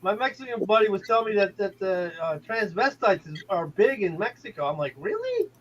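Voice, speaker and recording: An older man in a casual live chat, blunt and crude, breaking into loud exclamations. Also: sits high, a little fast. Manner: blunt, crude storyteller who exclaims loudly. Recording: lo-fi audio with crowd noise behind.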